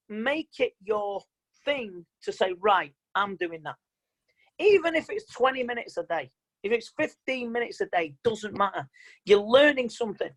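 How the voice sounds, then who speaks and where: A man's voice: very high voice, poor audio. A man giving an online motivational seminar as a mind coach, talking in an emphatic, plain-spoken and repetitive way over a video call.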